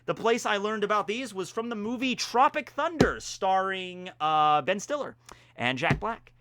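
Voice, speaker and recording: Against a noisy background, a young Pennsylvania vlogger talks through a geography quiz in a high-pitched, animated voice at a moderate pace, chatting loosely and cracking jokes at his own expense.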